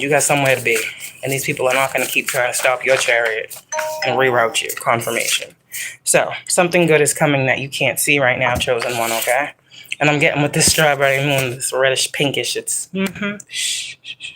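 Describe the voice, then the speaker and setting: A woman's voice: extremely low pitch, noisy background. A woman doing a psychic tarot reading for her viewers in a casual, rambling way, swearing often and pressing her points hard. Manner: profane, rambling, emphatic.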